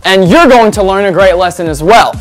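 A woman's voice: mid-range voice, expressive, fairly quick, soft background music, lightly acted. A woman playing a frantic adventurer host in a children's church skit, speaking in an exclamatory way.

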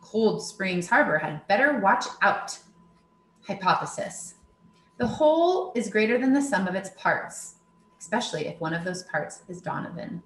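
A woman's voice: medium pitch, big pitch swings, normal speed, slight background noise. A woman reading an audiobook chapter as scripted narration, wry and storytelling in manner. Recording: roomy echo.

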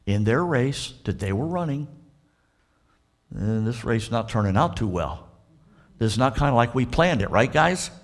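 A male pastor with a Southern American accent preaching a sermon, acting out dialogue between the characters in a lively storytelling manner. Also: medium pitch, moderate pace, long pauses. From Florida.

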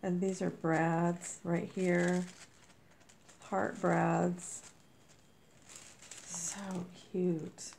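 A woman chatting casually on a vlog as she unboxes mail, gushing and effusive. Her voice is squeaky with a gravelly fry, and she is a bit under the weather. She talks at an unhurried pace. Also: little pitch movement, darkish tone, a little hiss or hum. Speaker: vlogger opening mail.

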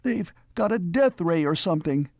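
Give this audiobook a man playing a frightened small-town mayor whose voice shoots high and shrill with panic. He squeaks out his alarm in a dry, close recording with no room sound. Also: big pitch swings, takes it slowly, darkish tone, no echo, heavily acted. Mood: terrified. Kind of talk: audiobook character voice.

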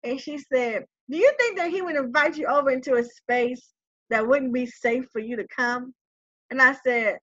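A woman telling a personal story in a lively way. She laughs often and acts out the voices of the people in it. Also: high-pitched, normal speed, dull audio. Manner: animated, laughing often, acting out quoted voices.

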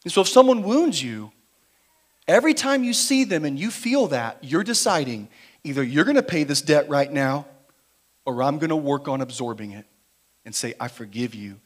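A man preaching a sermon in a church, moving between quiet, slow emphasis and louder, driven passages. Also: a little high, sing-song. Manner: dynamic preaching, shifting between quiet emphasis and raised intensity. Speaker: pastor. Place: church sanctuary.

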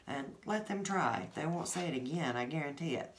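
Low-voiced woman chatting. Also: moderate pace. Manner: rambling, warm-hearted, many fillers. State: teary, choked up. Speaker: art channel host. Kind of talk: casual chat to viewers.

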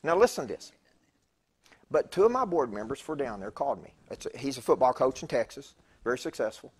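A husky-voiced man in his fifties preaches as a guest speaker in a church. He talks in a chatty, rambling way, often restarting his sentences. His voice sits at a middle pitch. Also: big pitch swings, brisk. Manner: chatty, digressive, with stammered restarts. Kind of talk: conversational sermon storytelling. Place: church sanctuary.

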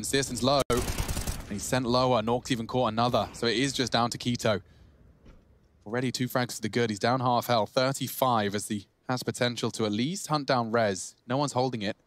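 A man commentating live esports play-by-play, chatty and excitable, lifting his voice on big plays. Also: mid-range voice. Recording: clear background clicking noise.

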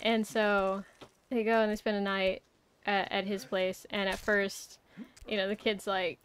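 A woman's voice: medium pitch, flat delivery, a little slow, slight background noise. A young woman streaming a game, chatting casually, rambling and swearing with lots of fillers. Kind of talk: casual live-stream chat.

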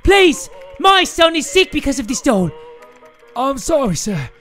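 Man voicing a pleading British game dad, high voice. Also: big pitch swings, a little slow, fairly bright tone, faint music behind, exaggerated voice. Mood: desperate. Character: desperate father hunting a toy.

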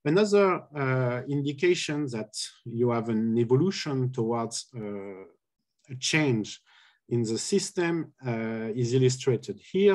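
A man giving a conference lecture on linguistics over a video call. He speaks slowly and haltingly, filling the gaps with "uh" as he walks through each example, at a middle pitch. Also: darkish tone. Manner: halting, many filler "uh"s, careful explanation. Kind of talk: academic conference talk.

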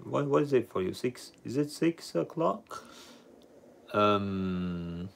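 Slow-talking, laid-back male streamer. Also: on the low side, vocal fry. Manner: relaxed, chatty, reading out viewer comments. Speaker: live stream host. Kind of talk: casual live chat with viewers.

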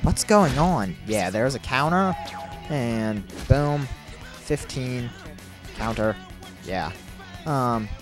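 Brief: young male let's-play host, excitable and self-mocking, hiccups, animated delivery. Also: mid-range voice, extremely slow, pauses often, over music. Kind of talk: casual game commentary.

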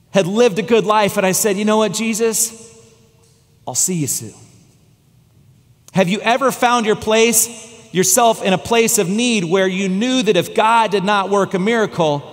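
A high-pitched man delivers a sermon from the pulpit, spinning a personal story with dramatic pauses. His voice slows and drops low for the tense parts. The sound carries the long reverb of a church sanctuary. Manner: dramatic, slowing and dropping low for tense moments. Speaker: guest pastor.

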